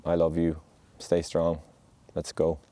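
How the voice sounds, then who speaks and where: A man with a low, mellow voice speaks earnestly and reassuringly, as a podcast host delivering a heartfelt monologue. He is outdoors on a mountain, and the sound is close and dry. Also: monotone, slow pace, no echo.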